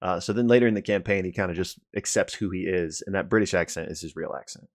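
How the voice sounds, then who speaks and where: Deep-voiced man explaining calmly. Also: no echo, studio quality. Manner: measured, hesitant explanations. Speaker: podcast co-host. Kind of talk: casual chat about a show.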